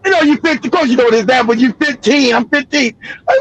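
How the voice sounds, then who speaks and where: A man's voice: very high-pitched, fast talker, slightly rough, dry recording, muffled recording. A middle-aged man giving heated, profane commentary on a livestream, swearing freely and laughing at his own jokes.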